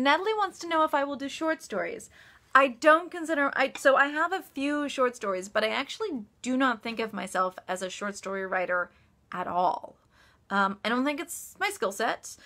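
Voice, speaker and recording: Woman author, casual live-stream Q&A, bright tone, bubbly with lots of laughs and ums. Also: high voice, lively intonation, moderate pace. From United States. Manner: chatty, laughs often, many ums and restarts. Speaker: author answering live chat questions. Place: office.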